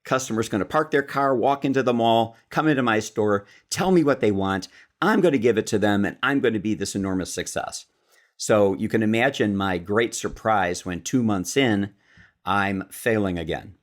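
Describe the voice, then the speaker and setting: Man from chicago telling a podcast story, really low voice, acts out the quotes. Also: normal speed. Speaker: podcast guest, sales speaker and author.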